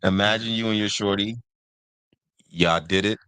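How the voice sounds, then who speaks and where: A man's voice: on the low side, normal speed, clean tone, no room sound. A man co-hosting a casual podcast, telling jokes and stories and mimicking how other people talk. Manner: joking, animated storytelling with mimicked quotes. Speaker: podcast co-host. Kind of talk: casual chat.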